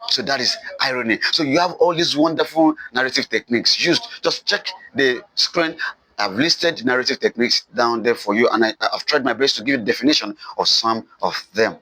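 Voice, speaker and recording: A man's voice: medium pitch, brisk, pushed and bright, no echo, low-quality recording. A man teaching a recorded literature lesson, repeating key points with emphasis and answering his own questions. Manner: repetitive, emphatic, asks questions and answers them himself.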